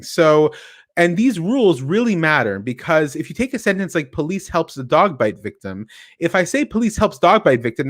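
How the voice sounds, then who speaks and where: A man's voice: a little high, dry recording, studio quality. A man giving an explanatory technical talk at a meetup, working through examples and asking rhetorical questions as he goes. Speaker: speaker at a tech meetup.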